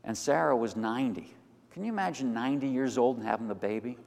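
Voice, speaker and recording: An older man preaching a sermon as pastor, animated, moving between quiet asides and loud emphatic lines. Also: medium pitch, quick pace, creaky. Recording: long hall reverb.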